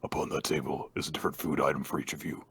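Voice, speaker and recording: Whispered role-play, creepy male killer host of a deadly game, hushed breathy menace, deep voice, done by a man. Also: level tone, heavily acted. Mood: menacing. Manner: slow, menacing, theatrical announcement.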